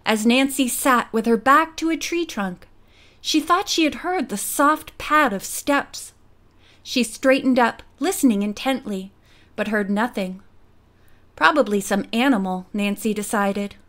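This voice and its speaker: A woman narrating a girls' mystery audiobook in a measured, quiet storytelling manner. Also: on the high side. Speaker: audiobook reader. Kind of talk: scripted narration.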